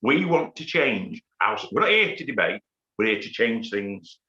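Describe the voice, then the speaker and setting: A man's voice: lowish voice, sing-song, moderate pace, bright, forceful tone. A man, giving an impassioned, story-filled campaign speech over a video call. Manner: impassioned, anecdotal, repeats words when pushing a point. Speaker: union activist speaker. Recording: echoey room, dull lo-fi sound.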